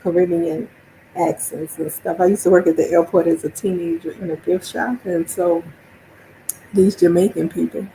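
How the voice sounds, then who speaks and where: A woman's voice: lowish voice, moderate pace, creaky, dark tone, a little hiss or hum, poor audio. A woman from New Orleans with a New Orleans accent, streaming a casual monologue, chatty and laughing often as she acts out her own reactions.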